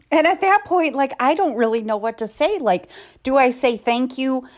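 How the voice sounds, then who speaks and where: A woman vlogger and mom, telling stories in a casual, chatty way while doing chores in her home kitchen, often laughing mid-sentence. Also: high voice.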